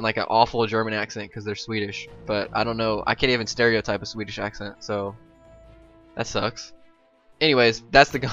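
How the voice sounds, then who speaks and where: Bright-voiced young man commenting on gameplay. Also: medium pitch, dull audio. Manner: rambling, many ums and asides. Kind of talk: casual game commentary.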